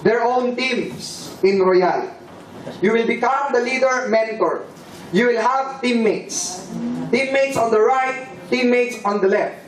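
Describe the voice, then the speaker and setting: A man with a high voice speaks slowly as he leads a motivational seminar and calls out lines for the audience to repeat. He is picked up from across an echoey hall, with a crowd audible around him. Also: far from the mic, a little hiss or hum. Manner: leads audience in call-and-response chants, switches into Tagalog. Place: large hall with a live audience.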